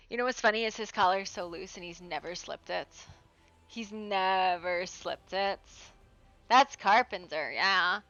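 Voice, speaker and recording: A woman streaming a game live who breaks off to coo at her dog in high baby talk, swearing casually in between. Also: unhurried, bright, forceful tone, dry recording, lo-fi sound. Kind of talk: live gaming stream chat.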